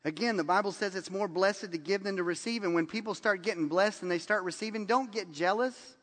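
A man's voice: high-pitched, a little fast, in a large hall. A man preaching a sermon, telling stories and acting out the lines people said in them. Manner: animated storytelling, acts out quotes with laughs. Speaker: pastor.

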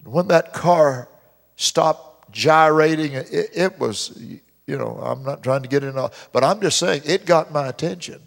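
A man preaching a sermon as pastor, stretching out key verses slowly and loudly, with dramatic emphasis. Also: vocal fry. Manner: mimics complainers in a high whiny voice. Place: church sanctuary. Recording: long reverb of a church hall.

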